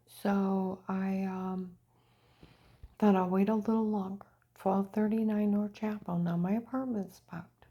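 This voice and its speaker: A woman giving a personal testimony monologue, often dropping into a hushed whisper. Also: mid-range voice. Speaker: person telling her own story.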